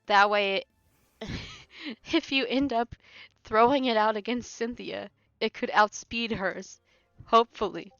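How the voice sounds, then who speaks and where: A woman's voice: fairly high pitch, takes it slowly, a bit bright, dry recording. Laughing woman chatting on a game stream. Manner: laughs often, rambling with many fillers. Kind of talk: casual chat while playing a game live. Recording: dry, slightly muffled with faint music.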